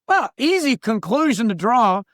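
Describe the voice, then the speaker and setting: Here a middle-aged man who works as a diversity trainer and workplace coach shares blunt, animated stories on a podcast, impersonating whoever he quotes. His pitch is extremely high and sing-song, his delivery normal in speed and a bit bright. The studio sound is clean with no room ambience.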